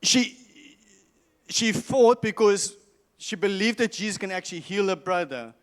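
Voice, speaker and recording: A man's voice: high voice, measured pace. Pastor guy preaching in a big church hall, lots of reverb, repeats himself for emphasis. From South Africa. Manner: emphatic, repeats key lines, stumbles and restarts. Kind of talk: sermon.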